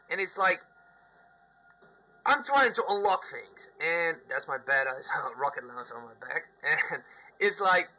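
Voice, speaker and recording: Slightly hoarse man rambling about games. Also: on the high side, poor audio. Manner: rambling and candid, with mock shouted outbursts. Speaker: gaming vlogger. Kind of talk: casual gaming vlog. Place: room at home, sitting on a couch.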